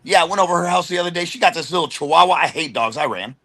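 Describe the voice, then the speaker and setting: A middle-aged man from the United States chats as a guest, with a bright, forceful tone. He tells his stories in an animated, slangy way and slips into quick character impressions. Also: on the high side. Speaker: guest wrestler. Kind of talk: casual storytelling chat.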